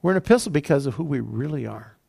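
A man's voice: mid-range voice, lively intonation, fast, vocal fry, a little mellow, breathy edge. A man preaching as pastor, reading scripture aloud and then explaining it plainly, often repeating phrases and saying "you know". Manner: laughs at his own slips. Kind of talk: sermon.

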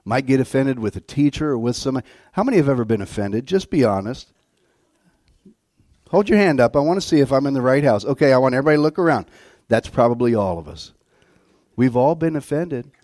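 Animated male preacher with a dry sound. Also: mid-range voice, fast, dry recording. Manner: animated storytelling, swings from soft to loud. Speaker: guest pastor. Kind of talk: sermon.

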